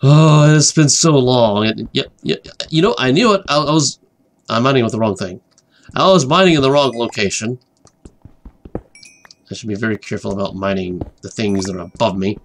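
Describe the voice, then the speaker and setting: A man rambling through a gameplay commentary, repeating himself, drifting off topic and dropping into excited whispers. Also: fairly low pitch, fairly quick, long pauses. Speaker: gaming commentator. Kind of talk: rambling let's-play commentary.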